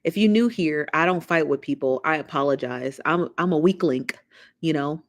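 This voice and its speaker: A woman hosting a casual livestream, reading viewer comments aloud and dishing gossip in a sassy manner, calling her viewers honey and child, with the odd hushed aside. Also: low voice, moderate pace. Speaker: livestream host.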